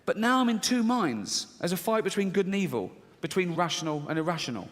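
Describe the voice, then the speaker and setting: A man's voice: high voice, brisk. A middle-aged man performing a stand-up comedy routine, telling a story on stage and acting out both sides of an inner argument. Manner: animated storytelling, swinging between voices of inner argument. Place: large theatre stage. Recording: stage mic in a reverberant hall with faint audience.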